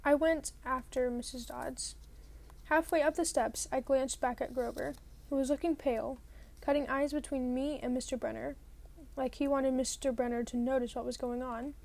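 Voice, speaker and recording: A woman's voice: sits high, steady tone, normal speed, creaky, darkish tone. A woman reading a novel aloud in the first person, narrating plainly and now and then rereading a line. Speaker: audiobook reader.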